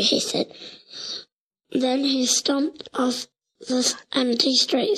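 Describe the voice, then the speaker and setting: A woman reading a children's storybook aloud, slow and deliberate, with occasional slips. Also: sits high, little pitch movement, a bit bright, breathy edge, rough recording.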